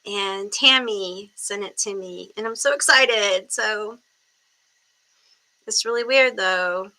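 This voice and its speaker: A woman's voice: medium pitch, takes it slowly, bright, forceful tone. A woman hosting a tarot livestream from her room, chatting casually on a webcam and greeting viewers by name. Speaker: tarot reader livestream host.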